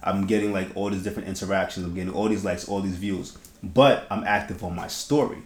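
A man hosting a podcast, telling stories in lively casual chat with slang, swearing and laughter. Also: low voice, fairly quick. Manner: animated storytelling, laughing, heavy slang and swearing. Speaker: podcast host. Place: podcast studio. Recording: echoey room.

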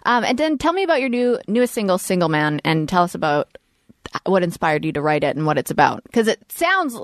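A woman hosting a casual interview, bubbly and quick with gushing reactions. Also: fairly low pitch, sing-song, dry recording, studio quality. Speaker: podcast host.

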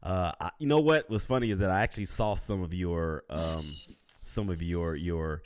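Male interview host, low dry voice. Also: normal speed, dry recording. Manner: relaxed, teasing, chuckles at the guest. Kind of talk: casual interview.

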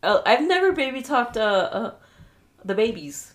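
A woman's voice: on the high side, big pitch swings, normal speed. A woman co-hosting a podcast in casual chat, blunt and swearing freely. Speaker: podcast co-host.

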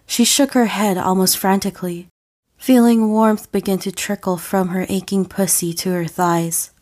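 A woman reading an audio story as a narrator, slow and deliberate. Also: mid-range voice, fairly even intonation, a little mellow. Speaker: audiofic reader.

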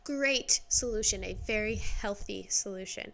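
A woman co-hosting a podcast, reacting to a story with quick quips in casual chat. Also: mid-range voice, creaky, bright, forceful tone. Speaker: podcast co-host.

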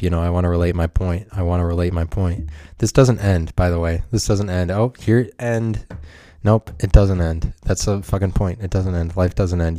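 A podcast host rambles through a solo monologue, self-mocking, profane, and provocative, laughing often. His voice sits low with a dark tone, recorded at studio quality with no room sound.

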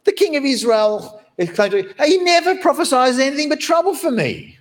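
A man voicing a petulant, angry king who shouts his complaints in a much higher voice than his own. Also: very animated, moderate pace, big-room sound. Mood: angry whining.

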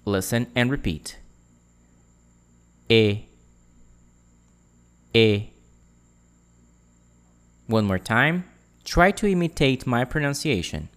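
A man teaching a French pronunciation lesson on a podcast, speaking clearly and repeating words for listeners to copy. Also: medium pitch, sing-song, normal speed, a bit bright.

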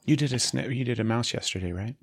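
A man's voice: medium pitch, quick pace, husky, no room sound, studio quality. A man co-hosting a casual podcast chat, laid-back and dryly teasing. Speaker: podcast co-host.

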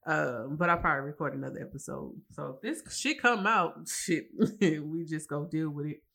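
A woman with a deep, gravelly yet fairly bright voice hosts her podcast by herself, speaking at a moderate pace. Worn out and emotional, she rambles through a casual rant full of profanity and repeated restarts.

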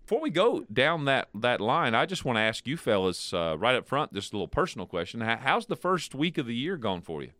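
A playful male podcast host who chats casually, his pitch swinging widely as he talks. His voice sits in a middle register. It is recorded dry and close in a studio. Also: a little fast, hardly any pauses, no echo. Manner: playful, animated questioning. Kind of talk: casual chat.

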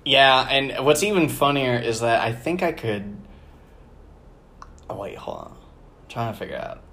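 Very deep-voiced woman podcast host. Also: very animated, a little slow, a bit bright. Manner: playful, chatty, laughs often. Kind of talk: casual podcast chat.

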